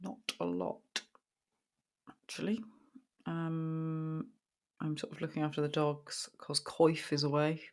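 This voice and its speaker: A woman's voice: low voice, monotone, takes it slowly, long pauses. Giggly British woman co-hosting a podcast. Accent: British English. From Britain. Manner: giggly, easygoing banter. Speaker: podcast co-host. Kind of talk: casual chat.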